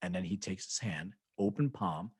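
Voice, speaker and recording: A podcast co-host with a low-pitched, husky voice speaks at a moderate pace with no echo. In casual chat he tells rambling anecdotes, acts out quoted voices, and laughs often.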